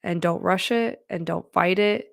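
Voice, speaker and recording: A woman's voice: fairly low pitch, unhurried, gravelly, no room sound, clean studio sound. A woman giving casual, earnest advice on feelings to her viewers, chatty and full of fillers. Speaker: mental health vlogger. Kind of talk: casual talking-to-camera advice.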